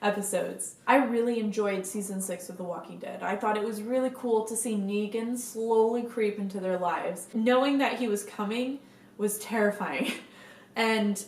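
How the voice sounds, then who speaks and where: Young woman vlogging, super excited fan chat, mid pitch, roomy echoey sound. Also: moderate pace. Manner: enthusiastic, gushing, swears casually. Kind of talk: casual fan chat to camera. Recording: echoey room.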